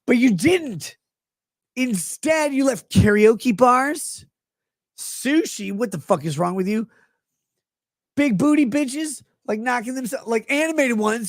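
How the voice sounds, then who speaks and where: A man in his thirties, a live streamer on a rambling, crude comedic rant that swings between mumbling and shouting. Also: high voice, no room sound, clean studio sound.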